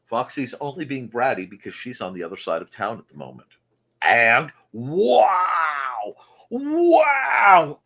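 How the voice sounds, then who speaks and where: A man's voice: lowish voice, very animated, quick pace, hardly any pauses, slightly rough. A man hosting a casual morning chat show, joking and riffing on viewer comments in a goofy manner. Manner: goofy, jokey, mock-announcer asides.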